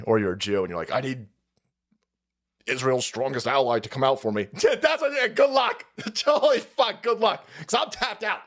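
On his livestream, a man tears into politics with crude, mocking language and keeps breaking into laughs. He speaks at a normal speed in a medium pitch that swings widely up and down.

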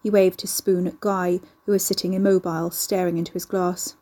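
Brief: woman audiobook narrator, warm, mellow tone, slightly husky, measured delivery. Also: lowish voice, little pitch movement.

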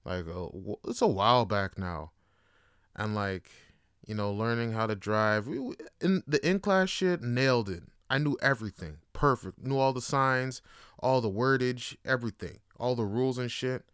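A man's voice: mid-range voice, normal speed, a bit bright, clear, resonant tone, no room sound, studio quality. A young man talking in a laid-back, slangy way in a casual solo podcast monologue, swearing and using many fillers. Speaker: podcast host.

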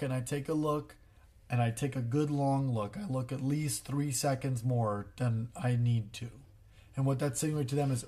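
Guy in his 30s chatting about parenting, earnest, mid-pitch, acts out little dialogues. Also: steady tone, normal speed, darkish tone. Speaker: podcast co-host. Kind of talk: casual parenting chat.

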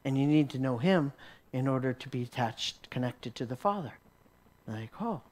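A man's voice: medium pitch, animated, normal speed, a little mellow. A man teaching a sermon as a story, often repeating words as he restarts and chuckling along. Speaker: Christian teacher.

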